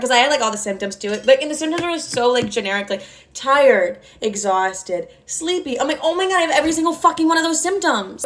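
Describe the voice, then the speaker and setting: Brash, profane young woman storyteller. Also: fairly high pitch. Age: 20s. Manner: brash, profane, chatty with lots of "like". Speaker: storytime creator. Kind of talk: casual storytime vlog.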